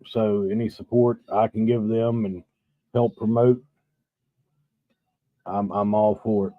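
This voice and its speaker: A man's voice: fairly low pitch, flat delivery, slow pace, no echo. Laid-back, profane middle-aged man storyteller. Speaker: live stream host. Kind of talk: casual storytelling chat over drinks. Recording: dull, dry lo-fi sound.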